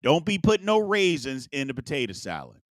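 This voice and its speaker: Male live-stream host, high and lively voice, dry close mic. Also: fairly quick, no echo. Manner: animated, repetitive, playful asides. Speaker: sports talk show host. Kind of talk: live-stream talk show, fan participation.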